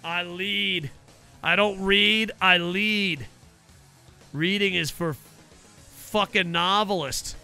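A man's voice: high-pitched, slow pace, creaky, long pauses, pushed and bright, clean tone, faint music behind, full character voice. A man voicing a brash male raptor game unit, swaggering and profane. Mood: scornful.

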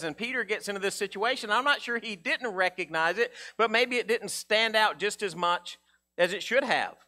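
A man preaching a sermon in a casual, conversational way, acting out Bible figures in a low mumble. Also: bright, forceful tone. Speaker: pastor.

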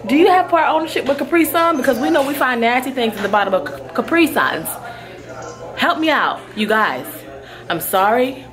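A woman vlogger talking casually to her viewers. She is chatty and expressive and breaks into loud, alarmed exclamations. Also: high voice, moderate pace, music in the background. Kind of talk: casual vlog chat.

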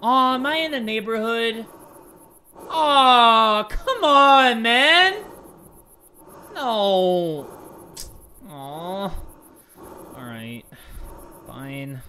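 A man's voice: high-pitched, lively intonation, extremely slow, long pauses, sharp tone, a little hiss or hum. A man giving jumpy, joking commentary while playing a horror game, swearing and yelping at the scares and talking to his viewers. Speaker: gaming YouTuber.

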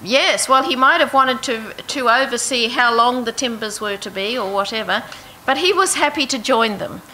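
A woman leads an interactive Bible lesson, reading verses and putting questions to her listeners. Her voice is bright and sits a little high. A faint hum of room ambience runs behind her. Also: normal speed, low-quality recording. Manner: asks the audience questions, reads verses aloud. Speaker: preacher.

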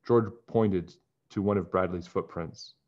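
A man reading a children's book aloud in a calm, even narrating voice. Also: low voice, unhurried. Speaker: storybook reader. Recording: dull lo-fi recording.

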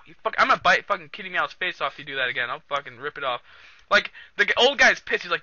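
Profane excitable guy with a bright voice. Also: sits high, quick pace, no echo, lo-fi sound. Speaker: let's play host. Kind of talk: casual gameplay commentary.

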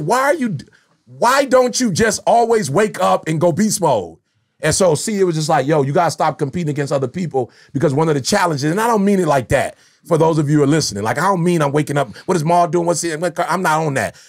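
A middle-aged man hosting a podcast, telling animated, slangy stories in a casual chat. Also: fairly high pitch, vocal fry. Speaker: podcast host, motivational speaker.

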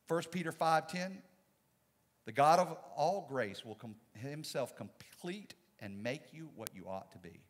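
A man preaching from the pulpit, his husky voice set a little high for a man. He swings from loud bursts to quiet asides. A long church-hall reverb trails each phrase. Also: expressive, measured pace. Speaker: pastor. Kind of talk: sermon. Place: church sanctuary.

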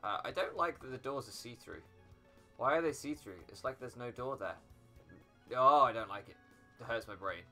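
A man's voice: medium pitch, animated, normal speed, long pauses, bright, forceful tone, faint music behind. A young British man playing a game and rambling through casual commentary, sarcastic, swearing and bursting into mock outrage. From Britain. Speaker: gaming YouTuber. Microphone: floor mic at first, then desk mic.

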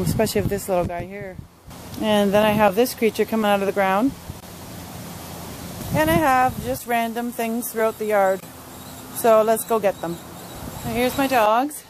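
A woman's voice: mid-range voice, darkish tone, a little hiss or hum, poor audio. A woman chatting casually as she films a pet vlog outdoors in a front yard, in an easygoing, talkative way. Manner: chatty, easygoing, laughs often. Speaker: pet owner vlogger.

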